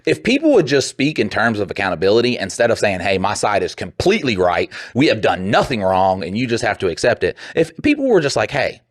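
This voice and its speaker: A young man co-hosting a casual podcast, rambling and heated, swearing often and mimicking other people in quick bursts. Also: fairly low pitch, sing-song, no echo, clean studio sound. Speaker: podcast co-host.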